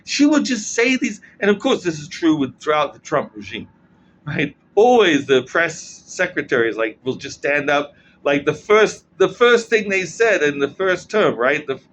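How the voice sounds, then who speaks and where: A man's voice: on the high side, very animated, moderate pace, fairly bright tone, slight background noise. A man giving a casual explanatory monologue as a political commentator. He talks in a blunt, sardonic way and keeps checking in with "right?". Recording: muffled lo-fi recording.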